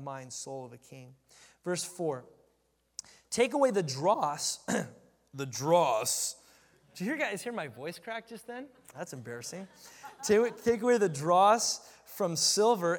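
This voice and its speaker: Guy preaching in a church, kinda high voice, jokey, stumbles and restarts a lot, big reverby hall. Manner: joking, folksy, frequent restarts and stammers. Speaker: pastor. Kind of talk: casual conversational sermon. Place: church sanctuary.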